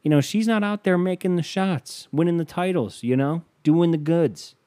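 A man's voice: on the high side, normal speed, dark tone, no room sound. Podcast host, male, profane and self-amused, dry close mic. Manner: profane, riffing, self-amused, voice jumping up when worked up. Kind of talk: casual solo podcast rant.

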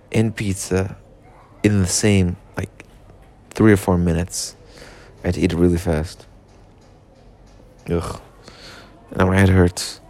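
A man's voice: medium pitch, a little mellow. A man, intoxicated, delivering a rambling, profane comedic rant in a mock-serious tone.

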